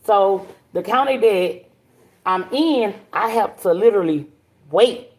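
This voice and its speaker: A woman, casually telling a story to her livestream viewers, animated and blunt, swearing freely. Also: mid-range voice. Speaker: livestream host.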